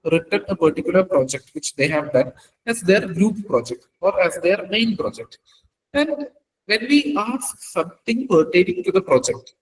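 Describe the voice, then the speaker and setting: A man's voice: high-pitched, slightly rough, recorded from a distance, rough recording. A man with an Indian English accent teaching a class how to handle interviews, often asking the students questions and repeating key phrases. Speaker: career trainer. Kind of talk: classroom lecture.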